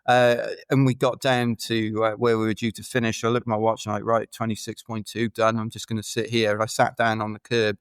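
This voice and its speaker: A man's voice: fairly low pitch, flat delivery, a little fast, hardly any pauses, clear, resonant tone, no echo. A man from the United Kingdom, a podcast guest, telling rambling, chatty stories full of fillers in a casual interview. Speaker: podcast guest, ultra runner.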